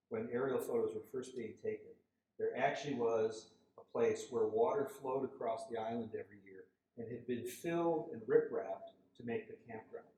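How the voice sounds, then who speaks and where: Guy lecturing in a big echoey hall, storytelling, mid pitch. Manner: storytelling, animated quoted voices. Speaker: guest lecturer, landscape architect. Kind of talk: lecture with anecdotes.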